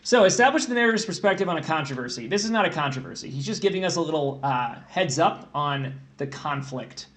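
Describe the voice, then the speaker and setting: A man's voice: fairly high pitch, animated, fast talker, few pauses, a bit bright. Joking man tutoring on a livestream. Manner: jokey, thinks aloud while reading questions. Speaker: test-prep tutor.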